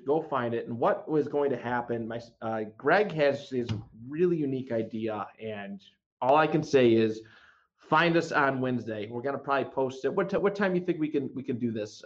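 A man hosting a comics podcast, chatting casually and restarting his sentences often. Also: mid-range voice. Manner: halting, many restarts. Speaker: podcast host. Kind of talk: casual chat. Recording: dull lo-fi audio.

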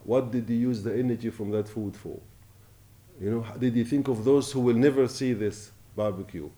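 Man, middle-aged, preacher, passionate rise and fall, mellow tone. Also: mid-range voice. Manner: impassioned, rising and falling, recites Arabic quickly. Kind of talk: Ramadan sermon.

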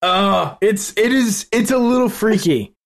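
Excitable laughing podcast co-host. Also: male voice, high-pitched, measured pace, gravelly. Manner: excitable, laughs a lot, swears casually. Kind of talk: casual chat.

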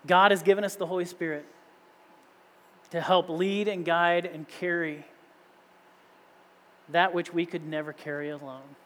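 Man preaching, pastor, fairly high voice, long hall reverb. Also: flat delivery, unhurried, pauses often. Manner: preaching with rising rhetorical questions. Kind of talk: sermon. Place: church sanctuary.

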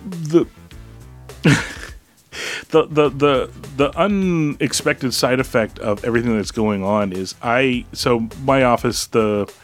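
A man's voice: medium pitch, slow, faint music behind. A man co-hosting a podcast in casual chat, rambling with restarts and laughs. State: hiccups, drinking beer. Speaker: podcast co-host.

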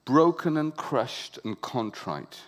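Slow, impassioned male preacher. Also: medium pitch, big pitch swings. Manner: impassioned, building to loud emphatic climaxes; repeats words and phrases for emphasis. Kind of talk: sermon.

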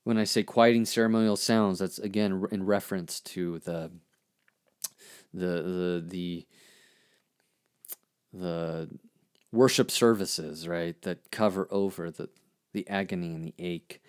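Halting, earnest man with a low voice. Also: steady tone, clean tone. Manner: halting, with many restarts and fillers; earnest and searching. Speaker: podcast host and therapist. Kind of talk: reflective commentary on his own poem.

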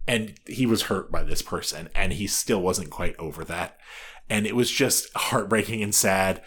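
A man co-hosting a casual chat, recounting a reality show in a soft, rambling way. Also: low voice, normal speed, slightly rough. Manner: rambling, soft-spoken, frequent restarts. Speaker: podcast co-host.

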